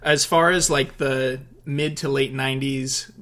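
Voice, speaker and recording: A man's voice: medium pitch, steady tone, measured pace, sharp tone. A man in his twenties, a guest on a podcast, chatting in an easygoing, rambling, upbeat way. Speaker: podcast guest, actor and singer. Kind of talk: casual podcast chat.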